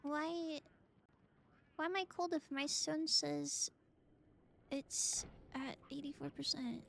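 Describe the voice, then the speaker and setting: A woman's voice: high-pitched, fairly even intonation, slow pace, creaky, a little hiss or hum. A woman streamer chatting casually and playfully while gaming, humming silly sing-song noises.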